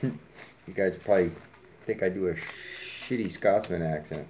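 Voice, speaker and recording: A man's voice: fairly low pitch, huge pitch swings, measured pace, dark tone. A man hosting a casual giveaway drawing on his channel, joking and rambling in a folksy way. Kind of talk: casual chat.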